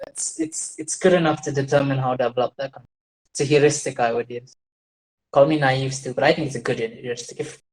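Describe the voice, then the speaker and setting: Recorded roughly, a mid-range male voice drifts through a casual, tangent-heavy talk on farming trends as he shares his screen. He often begins again and adds dry, self-mocking asides.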